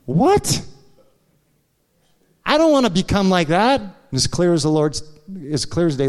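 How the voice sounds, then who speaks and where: A man's voice: high-pitched, big pitch swings, a little slow, pauses often, long reverb tail. A man preaching a sermon in a church, telling a candid personal story and checking in with the congregation with frequent asides. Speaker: pastor. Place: church sanctuary.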